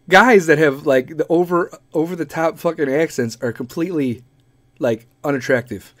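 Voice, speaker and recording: A man's voice: on the high side, normal speed, a bit bright, no room sound. Crude rambling comic man. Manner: crude, rambling, laughs often. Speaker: podcast host. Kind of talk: profane comedic monologue.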